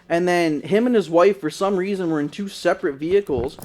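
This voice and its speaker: A man's voice: high-pitched, a little fast, few pauses, a little mellow. A young man, co-hosting a podcast, telling a long story in a rambling, casual way, peppered with "like" and cursing. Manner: rambling, lots of "like" and profanity. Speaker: podcast co-host.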